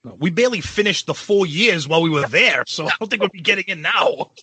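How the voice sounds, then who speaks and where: A man's voice: high voice, expressive, fairly quick, bright, forceful tone, breathy edge, dry recording. A man in his forties co-hosting a podcast, casually telling self-mocking stories. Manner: joking, self-mocking storyteller. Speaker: podcast co-host. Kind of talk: casual chat.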